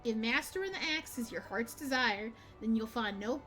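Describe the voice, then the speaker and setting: A woman voicing a long-winded female guild clerk from a seaport, with a US Southern accent and old-fashioned, drawn-out dialect speech. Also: fairly high pitch, animated, pushed and bright, faint music behind. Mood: friendly.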